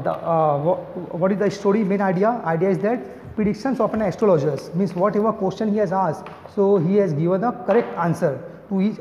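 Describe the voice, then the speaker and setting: A man's voice: high voice, a little mellow, slight background noise. A man with an Indian English accent explaining a story to students as their English teacher, hesitant, with many fillers, repeating words and spelling them out. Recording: echoey, dull lo-fi recording.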